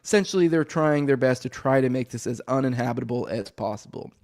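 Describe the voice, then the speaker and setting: A man hosts a casual news podcast, his voice sounding choked up and a little rough. He reads articles aloud, then drifts into rambling commentary full of restarts and offhand swearing. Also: medium pitch, fast, a little mellow. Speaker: podcast host.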